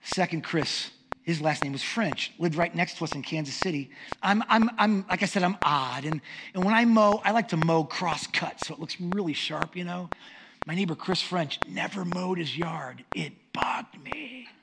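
A middle-aged male pastor telling stories in a sermon, animated and humorous. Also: on the high side, normal speed. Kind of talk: sermon storytelling. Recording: noisy recording with clicks.

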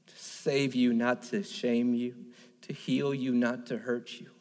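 A pastor in his thirties preaches an earnest sermon, his voice sitting in an ordinary middle pitch for a man. He tells a personal story and then builds to urgent, repeated phrases. The sound carries the long reverb of a large hall. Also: a little mellow. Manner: earnest, storytelling with rising emphatic repetitions.

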